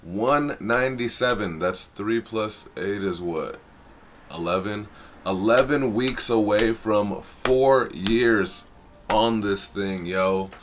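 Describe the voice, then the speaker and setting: A man with a lowish voice hosts a casual live stream at a slow pace, thinking aloud in loose slang and getting sidetracked as he rambles. There's slight background noise.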